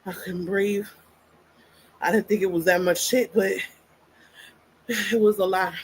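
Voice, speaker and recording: A woman's voice: medium pitch, fairly even intonation, unhurried, breathy edge, poor audio. A woman vlogging casually, out of breath and venting bluntly with profanity. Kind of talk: casual personal vlog.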